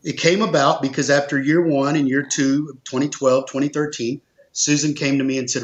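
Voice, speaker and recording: Speaking fairly quickly in a level tone, this insurance agency owner has a mid-range male voice, and the recording's highs are cut off. In a conversational interview he recounts stories earnestly and emphatically, repeating phrases for stress.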